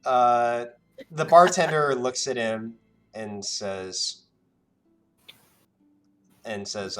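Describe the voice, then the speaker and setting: A man narrating a tabletop game as game master, halting with many ums and uhs. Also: mid-range voice, steady tone, faint music behind.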